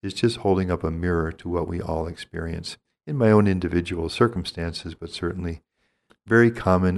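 A middle-aged man with a very low, deep voice gives a spiritual teaching talk. He speaks reflectively and reads passages aloud from his own journal.

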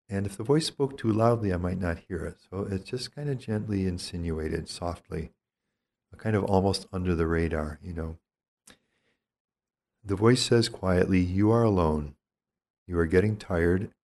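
A middle-aged male priest with a very low voice gives a calm, reflective spiritual talk. He reads passages from his own journal aloud, then pauses to explain them.

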